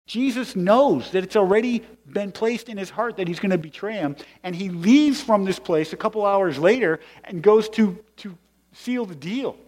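A man's voice: high voice, moderate pace, a little mellow. A male pastor giving a sermon in a conversational, explanatory way with emphatic stresses. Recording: long hall reverb.

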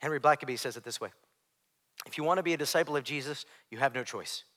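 A man preaching a sermon as pastor, swinging from hushed near-whispers to loud shouts. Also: medium pitch, fast talker. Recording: preacher in a large reverberant hall.

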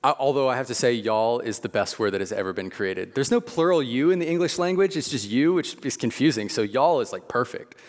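A man's voice: mid-range voice, animated. Man preaching in a reverberant hall. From Midwest. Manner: conversational and emphatic, slowing on key phrases. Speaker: pastor. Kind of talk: sermon.

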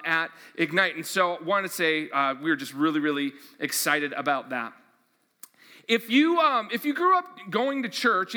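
Preaching energetically and informally, this pastor uses a high, bright voice, asks his questions more than once, and leans heavily on filler words. The audio echoes with the long reverb of a big church hall.

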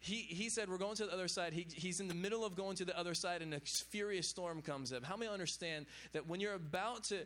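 This pastor talks at a quick pace in a high, slightly bright voice, with few pauses. Addressing young adults in an informal sermon, he stays chatty and casual, using many fillers like "you know what I'm saying."

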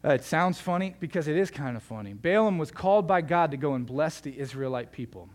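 A man's voice: fairly high pitch, animated, brisk, darkish tone. A male pastor preaching a sermon in a conversational, joking storytelling manner.

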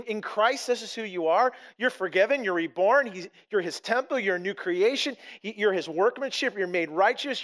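A middle-aged male pastor delivering a sermon in a high, light voice. He talks to the congregation as if chatting, acting out little quotes along the way and restarting his sentences as he goes. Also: a bit bright. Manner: conversational, with frequent restarts and acted-out quotes.

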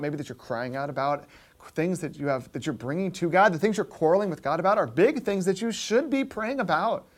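A pastor giving a conversational sermon, often checking in with his listeners and dropping quiet and slow on key points. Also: on the high side. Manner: keeps asking "right?" to the listeners; drops soft and slow on key points, rises sharply when stirred.

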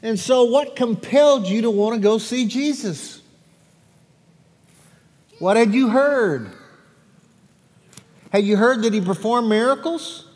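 A pastor reading scripture and then leading a lively children's sermon, questioning the congregation with animated energy. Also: male voice, extremely high pitch, slow, pauses often. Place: church sanctuary. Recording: long echo of a large church hall.

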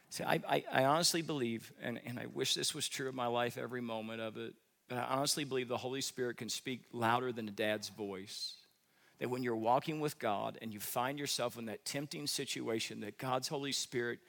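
Gravelly-voiced male pastor preaching. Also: medium pitch, a little fast, in a large hall. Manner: animated preaching with acted-out voices and humor. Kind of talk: sermon. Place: church sanctuary.

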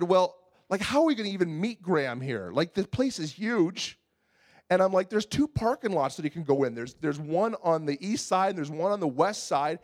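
A man, preaching and telling a funny personal story with animated, exasperated retelling. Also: on the high side. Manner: animated storytelling, acts out his own exasperation. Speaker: pastor. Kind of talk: sermon with a humorous personal story.

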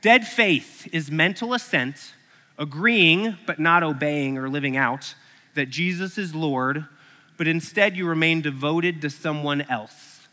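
In an echoing hall, a man preaches a little slowly in a slightly high voice. He acts out a story with plenty of animation ahead of the teaching portion.

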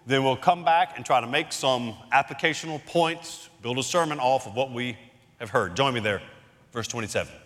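A man preaching a sermon as pastor, walking a congregation through a Bible passage with emphatic pauses. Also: mid-range voice, a bit bright. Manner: expository Bible teaching, emphatic dramatic pauses. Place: church sanctuary. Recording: long hall reverb.

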